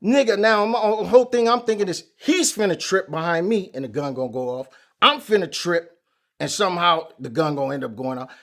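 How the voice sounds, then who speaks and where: A man as an interview guest, telling a story in casual chat, animated and full of street slang. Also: high voice, a little fast. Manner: animated, acts out quoted lines loudly, heavy street slang.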